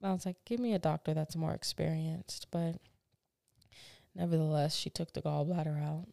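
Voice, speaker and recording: Gravelly low-voiced woman telling a blunt story. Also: normal speed, no echo, clean studio sound. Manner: animated, blunt storyteller who swears and laughs at herself. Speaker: podcast co-host. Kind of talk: casual chat.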